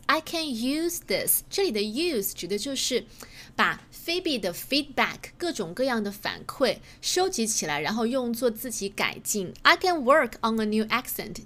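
A woman teaching English through sitcom clips, explaining clearly and reading English examples slowly. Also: a little high, fairly bright tone.

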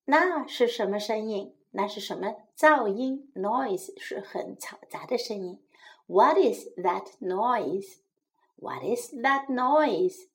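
Gentle woman reading a children's story. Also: a little high, animated, slow. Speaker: bilingual storyteller and English teacher.

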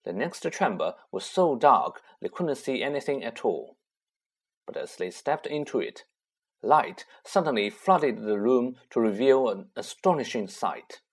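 A man narrating a children's story in an expressive, unhurried way. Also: medium pitch, husky. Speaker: audiobook narrator.

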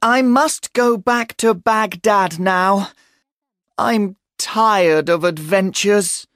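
A man voicing a brave adult male sailor in a storybook reading, slow and eager. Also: sits high, fairly bright tone, no echo, studio quality, pitched above the performer's own voice, heavily acted. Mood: apologetic.

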